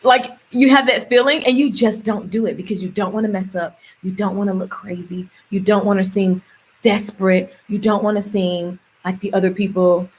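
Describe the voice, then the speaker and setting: A woman's voice: mid-range voice, steady tone, normal speed, a little mellow, breathy edge. A young woman, coaching her audience in a casual motivational livestream, chatty and preachy and repeating words for emphasis.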